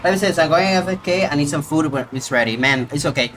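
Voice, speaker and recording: A man streaming a video game live, reacting out loud and talking to the monster he fights. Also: on the high side, fast, soft background music. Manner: excitable, talks to the monster. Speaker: gaming streamer. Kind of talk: live gameplay commentary.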